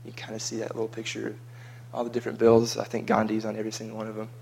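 Casual guy, low gravelly voice, flat delivery, rambling travel chat. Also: rapid-fire. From United States. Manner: chatty and rambling, with frequent repeated words. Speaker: vlogger recounting a mission trip.

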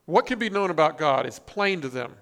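A man's voice: fairly high pitch, expressive, fairly quick, a bit bright. A man preaching a sermon, reading scripture and quotes with emphatic, rising stress and frequent restarts. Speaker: pastor.

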